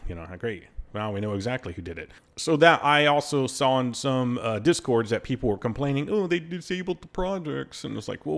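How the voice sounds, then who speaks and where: A man hosting a gaming channel, reading patch notes aloud in casual commentary, with blunt, sarcastic asides and slightly slurred diction. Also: medium pitch.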